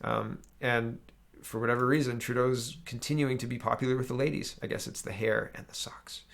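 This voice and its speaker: A man's voice: mid-range voice, steady tone, fairly quick, vocal fry, a bit bright. A man hosting a political commentary show, from Canada, reading headlines aloud and riffing on them in a sarcastic, rambling way.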